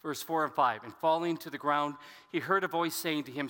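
A man's voice: a little high, a little fast, bright, forceful tone, clear, resonant tone, long reverb tail. A man preaching a sermon as pastor, explaining scripture with conversational asides to the congregation.

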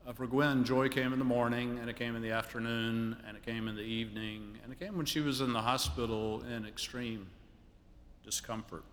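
A male pastor reading scripture and giving a funeral sermon in a measured way, his sentence endings often dropping soft. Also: mid-range voice, level tone. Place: church sanctuary. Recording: long reverb of a church hall, faint noise.

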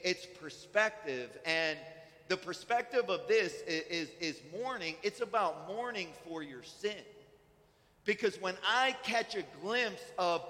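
High bright male pastor, casual preaching style with restarts, church hall reverb. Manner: conversational preaching with many restarts. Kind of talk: sermon. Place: church sanctuary.

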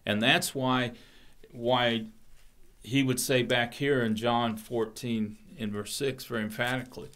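A man explains Bible passages to a class, mixing read-aloud verses with his own commentary. His delivery is halting, with frequent repeated words as he gathers his thoughts. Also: medium pitch, steady tone, fairly bright tone. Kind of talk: Bible study explanation with scripture reading.

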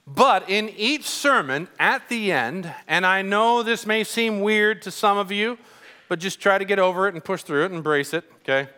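Bright-voiced Midwestern man preaching. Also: high voice, moderate pace, clear, resonant tone. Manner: emphatic, asks the congregation questions. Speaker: pastor. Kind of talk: sermon. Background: soft music.

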